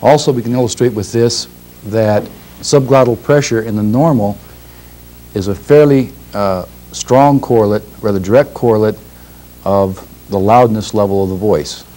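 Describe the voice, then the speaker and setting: A man teaching a class, explaining a lab demonstration in a measured way, pausing and clearing his throat now and then. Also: on the low side, mellow, rough recording. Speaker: instructor.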